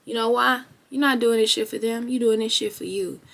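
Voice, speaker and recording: A woman's voice: on the high side, fairly quick, vocal fry. Blunt, profane young woman vlogger. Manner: animated, rising to loud bursts. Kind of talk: motivational talk to camera.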